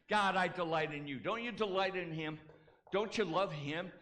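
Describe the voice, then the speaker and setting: A man's voice: high-pitched, normal speed, pushed and bright. A male pastor preaching a sermon, leading the congregation in call-and-response and repeating key phrases for emphasis, with casual asides. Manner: casual asides and self-corrections.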